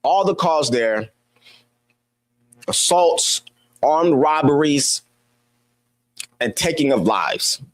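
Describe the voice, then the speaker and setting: A man's voice: fairly high pitch, lively intonation, slow, long pauses, dry recording. A man delivering an opinion commentary monologue, exasperated and emphatic, firing rhetorical questions and repeating his points. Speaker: commentary channel host.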